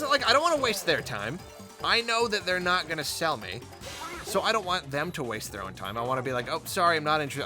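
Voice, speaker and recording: A man telling a rambling, chatty story in casual commentary while he plays a game. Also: fairly high pitch. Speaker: gaming video host.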